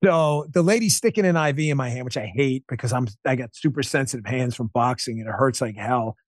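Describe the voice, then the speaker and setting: A man guesting on an interview show, telling a personal story in an animated, emphatic way with quick restarts. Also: medium pitch, dry recording, clean studio sound. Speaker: podcast host and interview guest.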